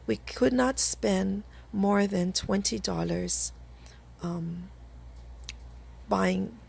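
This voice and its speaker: A woman with a cold speaks slowly and carefully, her voice deeply gravelly and husky. She chats through her craft projects in a friendly, slightly halting way, like a home crafter showing her work. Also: a little mellow. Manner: chatty, slightly halting explanations. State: hoarse with a cold. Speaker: craft video host. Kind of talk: casual craft tutorial chat.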